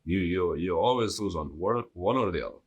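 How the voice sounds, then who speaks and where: A man's voice: sits low, lively intonation, fairly quick, breathy edge, lo-fi sound. A man hosting a casual solo podcast, talking bluntly with profane jokes. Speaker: podcast host.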